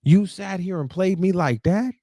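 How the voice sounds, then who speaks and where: Animated man recapping a manga, dry sound. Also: sits high, normal speed, no room sound. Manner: animated, slangy, repeats "you feel what I'm saying". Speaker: podcast host.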